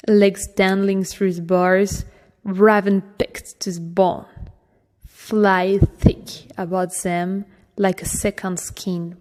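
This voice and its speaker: A woman narrating a dark fantasy audiobook at an unhurried, measured pace, her voice in the middle of the usual range. The reading carries a long reverb, as if recorded in a resonant room. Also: mid-range voice. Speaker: audiobook reader.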